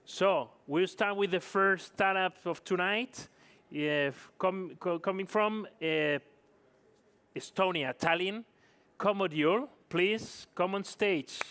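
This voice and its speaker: A man's voice: high-pitched, slow pace, a bit bright, smooth. Chatty man hosting a live stage event. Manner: chatty, apologetic, non-native phrasing. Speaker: event host. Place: conference stage.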